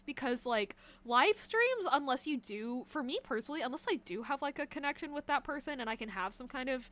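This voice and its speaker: A woman's voice: high-pitched, lively intonation, fairly quick, fairly bright tone. A woman streamer in casual chat, rambling and giggling with lots of fillers.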